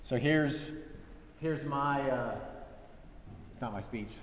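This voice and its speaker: A man in his fifties, an army general, giving a relaxed after-lunch speech to a business group, telling folksy stories with dry humor and many fillers. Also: medium pitch, slow pace, slight background noise. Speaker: guest speaker, army general. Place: meeting room before a live audience. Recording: long reverb of a meeting hall.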